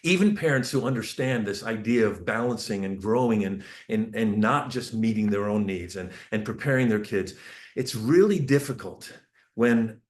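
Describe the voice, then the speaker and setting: A man's voice: fairly low pitch, normal speed. A man giving a parenting talk over a shared screen, telling family stories with earnest, restarting speech. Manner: storytelling, acts out family dialogue. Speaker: parenting speaker.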